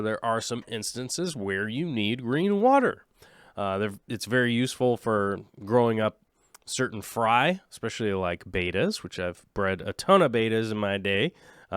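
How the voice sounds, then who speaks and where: A man's voice: fairly low pitch, fairly bright tone, clean tone, no echo, studio quality. A man in his late thirties hosting a casual aquarium livestream, rambling and joking with his viewers. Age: late 30s. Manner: rambling, jokey, chats with viewers.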